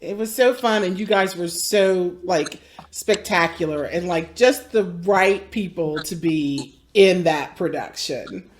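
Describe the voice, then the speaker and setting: A woman musician speaking as an interview guest over a video call, casual and quick to laugh. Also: on the low side, slight background noise.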